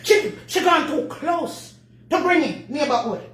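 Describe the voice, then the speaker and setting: Woman doing a bossy Master Baker, dramatic, high voice, echoey room. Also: animated, unhurried, fairly bright tone. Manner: bossy, dramatic, fussing over a baby. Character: bossy middle-aged woman Master Baker, Jamaican patois. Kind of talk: comedy sketch character. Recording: echoey room with faint noise.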